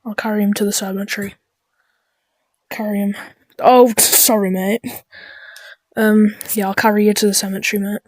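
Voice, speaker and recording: A woman giving chaotic, dark-humored let's-play commentary, muttering and often dropping into whispers. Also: mid-range voice, flat delivery, moderate pace, long pauses, no echo, studio quality. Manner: drops into whispers. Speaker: gaming YouTuber.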